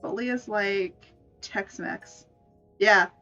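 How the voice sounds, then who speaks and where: A woman's voice: mid-range voice, slow pace, bright, forceful tone, dull audio, soft background music. A woman streamer in playful, casual live-stream chat, laughing often. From United States.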